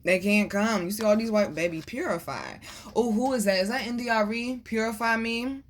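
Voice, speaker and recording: A woman doing a casual tarot reading for her viewers in a lively, preaching cadence. She calls them baby and boo. She swears easily and without any edge. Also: fairly high pitch, normal speed. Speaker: tarot reader.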